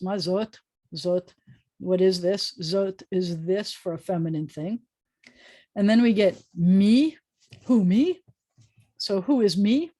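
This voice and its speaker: A woman rabbi teaching a Hebrew class over a video call, explaining patiently and repeating words slowly. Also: mid-range voice, a little mellow. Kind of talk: online class lecture.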